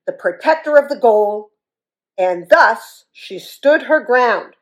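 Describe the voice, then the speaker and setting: Animated, unhurried woman storyteller. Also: a little high, rough recording. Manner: expressive, animated reading. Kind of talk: children's story read-aloud.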